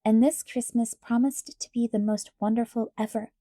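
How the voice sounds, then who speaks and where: A woman narrates a children's storybook in a calm, clear reading voice. Her tone is mellow and dark while her pitch sits a bit high, and the recording is close and dry with no room sound. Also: moderate pace, no echo. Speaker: audiobook reader.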